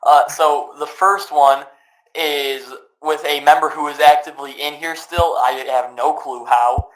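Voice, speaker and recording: A man's voice: on the high side, fairly even intonation, measured pace, low-quality recording. A young man hosting a casual podcast, telling crude, rambling stories full of swearing. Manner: crude, rambling, profane storytelling. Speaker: podcast host. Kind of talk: casual gaming podcast chat.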